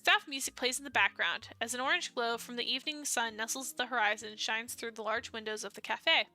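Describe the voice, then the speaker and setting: A young woman streaming a dating sim, reading the story aloud and breaking off with playful asides. Her voice is high and very bright, dry and close, with faint music underneath. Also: a little fast.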